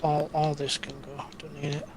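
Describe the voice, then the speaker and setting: A man's voice: on the high side, little pitch movement, moderate pace, background noise. A man helping build a game map on a stream, speaking in short, casual replies and swearing now and then. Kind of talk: casual chat.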